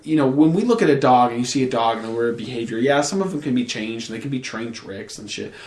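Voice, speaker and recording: A man's voice: mid-range voice, fast. A young man hosting a casual podcast, rambling and swearing freely as he tells stories and acts out quotes. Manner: rambling, profane, animated storytelling with acted quotes. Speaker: podcast host. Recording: roomy echo.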